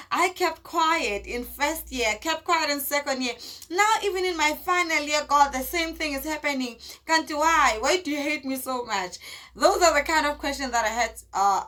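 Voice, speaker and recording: A woman, telling a personal story in a casual vlog. She is animated and dramatic and acts out scenes. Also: sits high. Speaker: vlogger.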